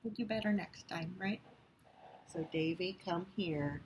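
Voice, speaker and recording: A young woman teaching kindergarten in a gentle, sing-song manner, pausing to check in with "okay?" again and again. Her voice sits a little low for a woman, and a faint hum of room noise sits under the recording. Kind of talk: reading aloud and giving an assignment to young children.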